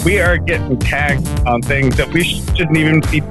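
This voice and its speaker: A man's voice: fairly high pitch, moderate pace, low-quality recording. A man co-hosting a podcast, joking and announcing the segments in casual talk. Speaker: podcast co-host. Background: music.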